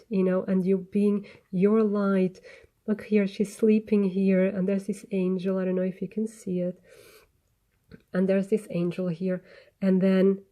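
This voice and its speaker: Mellow-voiced woman giving a tarot reading. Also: mid-range voice. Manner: gentle, earnest, meandering with restarts. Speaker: tarot reader. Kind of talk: spoken tarot reading to camera.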